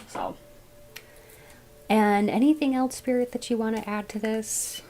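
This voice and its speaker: A woman giving a casual tarot reading, thinking aloud as she goes in a musing, unhurried way. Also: a little high, dark tone, slight background noise, poor audio. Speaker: tarot reader.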